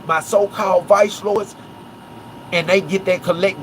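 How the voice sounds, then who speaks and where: A man from Memphis whose voice sits high speaks a little slowly as he hosts a casual livestream about a case. He's animated, keeps checking in with "right?" and "watch this," and a little hiss or hum is audible.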